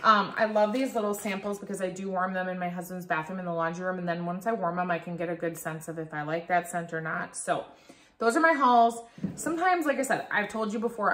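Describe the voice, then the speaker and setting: A woman's voice: a bit bright, echoey room. A woman chatting enthusiastically to her viewers about her haul, gushing over what she likes. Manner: slips into a high baby-talk voice for her dog. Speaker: wax haul vlogger. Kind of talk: casual product haul chat.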